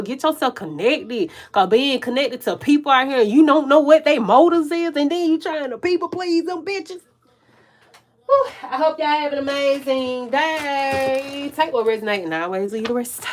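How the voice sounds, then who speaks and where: A woman with a country Southern accent doing a live tarot reading, loud and profane, often laughing and stumbling over her words. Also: a little high. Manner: profane, slangy, self-interrupting. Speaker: tarot reader.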